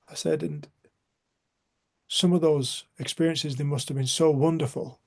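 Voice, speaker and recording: A middle-aged man leads a group over a video call, telling a personal story earnestly and from the heart. His voice is on the high side, steady and darkish, at a moderate pace, often sinking to a near-whisper.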